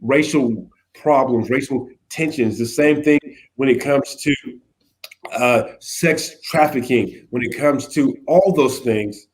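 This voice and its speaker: A man speaking as a youth pastor guest in a casual conversation, animated, acting out little quotes and often checking in with "right?". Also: mid-range voice, takes it slowly, slight background noise. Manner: animated, acts out quotes, keeps asking "right?".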